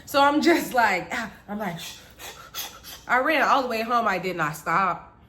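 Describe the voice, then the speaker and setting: A woman vlogger telling her childhood story in casual chat, animated, laughing often and calling her viewers y'all. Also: fairly high pitch, normal speed.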